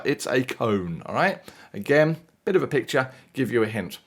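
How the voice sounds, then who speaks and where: Lively British man teaching maths. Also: mid-range voice, normal speed. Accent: British English. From United Kingdom. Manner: chatty, playful, exclamations and asides. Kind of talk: worked-example maths lesson.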